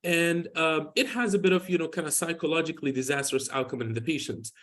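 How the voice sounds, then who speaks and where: A man's voice: on the high side, quick pace, fairly bright tone. A man in his forties, a dermatologist, giving a conversational medical lecture in a loose, rambling way full of "you know" and restarts, telling patient stories. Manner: tells patient stories informally.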